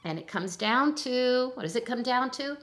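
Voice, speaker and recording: An older woman, a chiropractor, talking in a relaxed interview and telling stories with lively acted-out voices. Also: fairly high pitch, normal speed. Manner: animated storyteller, acts out voices in anecdotes. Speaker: chiropractor guest. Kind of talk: conversational interview.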